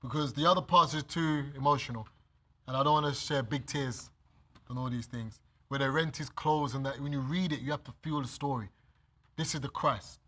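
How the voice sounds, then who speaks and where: A man with a British accent, preaching a sermon and reading scripture, animated and acting out the scenes. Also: mid-range voice, brisk. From Britain. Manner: animated, acts out scenes, laughs often. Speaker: preacher leading bible study.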